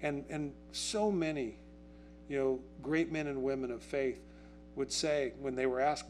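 A man preaching a sermon as a pastor. He talks conversationally, asks the congregation questions and acts out quotes in a raised, excited voice. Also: mid-range voice, a little slow, a little hiss or hum. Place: church.

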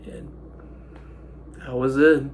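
A young man in his twenties, speaking in halting, broken sentences while holding back tears, his nose stuffy. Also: medium pitch, wildly swooping pitch, slight background noise. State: stuffy-nosed. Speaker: vlogger. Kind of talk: emotional personal monologue.

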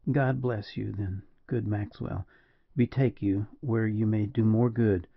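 A man voicing a dying noble soldier who speaks faintly and haltingly. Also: on the low side, fairly even intonation, vocal fry, husky, exaggerated voice. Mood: solemn. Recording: dull lo-fi dry recording.

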